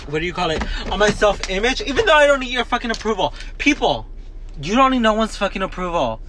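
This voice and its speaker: High-voiced young man ranting profanely. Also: big pitch swings, quick pace, sharp tone, a little hiss or hum. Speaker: vlogger, student.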